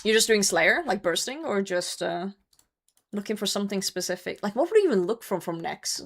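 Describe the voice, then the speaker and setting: A woman's voice: mid-range voice, expressive, brisk. A Norwegian woman streaming a game, chatting casually in English as a second language, swearing freely as she answers her chat. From Norway. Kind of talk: casual gaming livestream chat.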